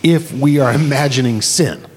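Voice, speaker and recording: A man's voice: medium pitch, normal speed, a little hiss or hum. A man from the American South explaining ideas about faith in a teacherly, reasoned way during a casual discussion.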